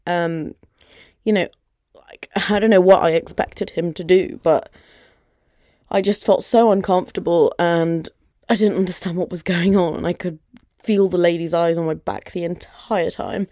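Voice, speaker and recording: A woman's voice: fairly low pitch, fairly even intonation, normal speed, dark tone, dry recording, studio quality. A young woman hosts a podcast and tells a personal story candidly, with lots of "like" and "you know". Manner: candid, conversational, many fillers like "like" and "you know". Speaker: podcast host.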